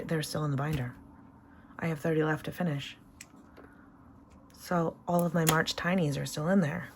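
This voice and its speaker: A woman in a casual home vlog, counting cash and talking about her savings with excited emotion. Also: sits low, vocal fry, noisy background. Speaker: savings vlogger.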